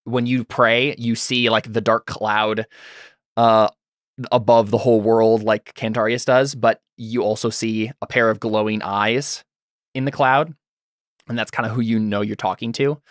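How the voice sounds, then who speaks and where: A man's voice: on the low side, fairly even intonation, unhurried, dry recording. A man running a tabletop game, his voice dry and close to the microphone with no room sound. He walks a player through the rules patiently, full of ums and restarts. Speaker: game master.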